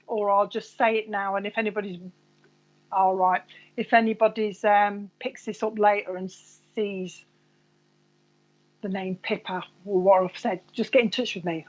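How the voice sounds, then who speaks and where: A woman medium runs a live reading for her online viewers, talking in a loose, rambling way and calling people by name. Her voice sits at an ordinary middle pitch. The stream audio is a little dull and lo-fi.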